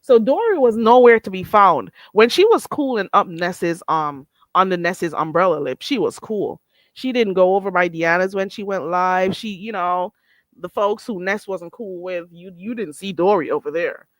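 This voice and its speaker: A woman's voice: medium pitch, animated, normal speed, dry recording. A woman hosting a casual livestream, recapping drama with blunt, profane commentary and frequent laughter at her own story. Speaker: livestream host.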